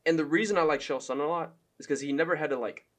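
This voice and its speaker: A man's voice: fairly high pitch, racing, a bit bright. Casual, profane young male fan commentator. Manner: loose, profane, laughing, filler-heavy.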